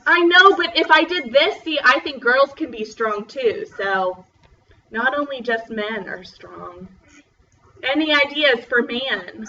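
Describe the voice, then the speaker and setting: A young woman teaching a first grade class over a video call, slowly spelling out words in a bubbly, encouraging way. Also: high-pitched, bright, forceful tone, lo-fi sound. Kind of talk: online class lesson.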